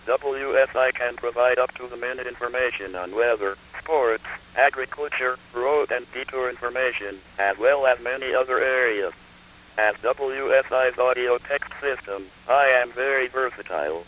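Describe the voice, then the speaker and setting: A synthesized male voice from an automated phone information system, reading scripted announcements in a clipped, even, computerized delivery. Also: medium pitch, moderate pace, a little hiss or hum, poor audio. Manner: clipped, evenly paced machine delivery. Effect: text-to-speech synthesis.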